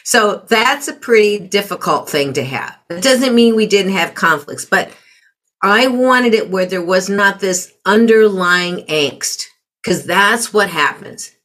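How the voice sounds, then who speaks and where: Speaking as a parenting guest in a conversational interview, this middle-aged woman is reflective and performs quoted remarks in altered voices. Her mid-range voice has lively intonation, a slightly slow pace, and a fairly bright tone.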